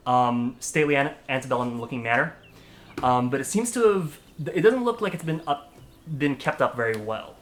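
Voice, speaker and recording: A man narrating as dungeon master in a tabletop game, halting and restarting often. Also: mid-range voice, lively intonation.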